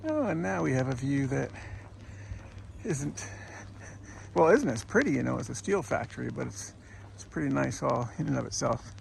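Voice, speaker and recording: A man's voice: mid-range voice, a little fast, creaky, slight background noise. A man rambling casually to his camera as he walks outdoors past a port and a factory, correcting himself as he goes. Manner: rambling, chatty, self-correcting. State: sore foot while walking. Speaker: vlogger walking a pilgrimage route. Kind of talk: casual walking vlog. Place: outdoors by a port and industrial road.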